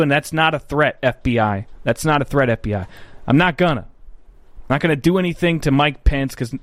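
A man's voice: mid-range voice, a bit bright, dry recording. A man hosting a political commentary livestream. He talks bluntly and profanely, rambles, corrects himself often and answers viewer chat.

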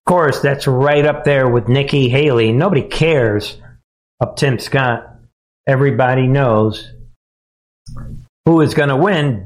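Slow, mocking male commentary host. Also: medium pitch, low-quality recording. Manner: mocking, sarcastic, laughs often. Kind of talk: live political commentary.

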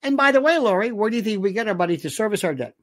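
A man's voice: sits high, animated, rapid-fire, fairly bright tone. Male show host, casual rant, sarcastic and exasperated, with lots of rhetorical questions and restarts.

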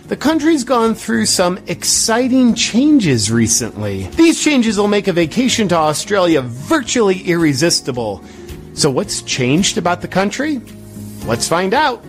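Man, high and lively voice, deadpan sarcastic mock ad, faint music. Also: unhurried. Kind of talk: satirical mock ad.

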